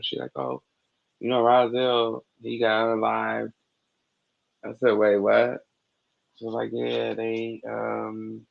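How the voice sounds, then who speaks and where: Man caller, very gravelly, lowish voice, halting talk, lo-fi line. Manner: low-key, halting. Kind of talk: casual storytelling. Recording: dull lo-fi call audio.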